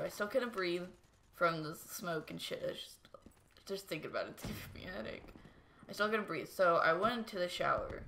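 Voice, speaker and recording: Bright-voiced young woman rambling a story. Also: on the low side, gravelly. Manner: rambling, filler-heavy, profane, animated retelling. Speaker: vlogger. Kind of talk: casual storytelling vlog. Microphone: new desk microphone. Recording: faint background noise and clicks.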